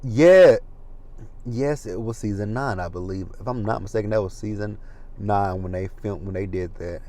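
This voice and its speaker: A man's voice: fairly low pitch, normal speed, dark tone. A man hosting a casual reality TV recap, talking in a chatty, gossipy way with asides and profanity. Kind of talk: casual chat commentary.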